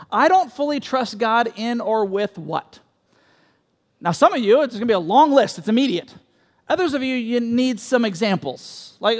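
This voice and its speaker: High-voiced pastor preaching in a reverberant hall. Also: male voice. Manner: animated, acts out quoted voices, many restarts. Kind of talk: sermon.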